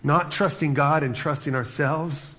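A man's voice: on the high side, fairly even intonation, unhurried, a bit bright. A middle-aged male pastor giving a sermon, retelling a film story in a loose, chatty way with lots of fillers. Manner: casual storytelling with many fillers.

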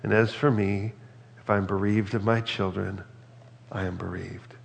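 A male pastor preaches in an earnest, reflective way, with a low, gravelly voice. His words ring out with a long reverb, as if he were in a large hall. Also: level tone, a little slow, a little hiss or hum. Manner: earnest, reflective, reads scripture aloud. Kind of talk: sermon.

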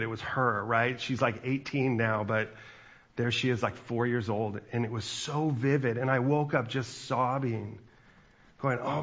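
A man's voice: medium pitch, fairly bright tone, dull audio. A man in his forties, a pastor, giving a chatty sermon with asides to the congregation.

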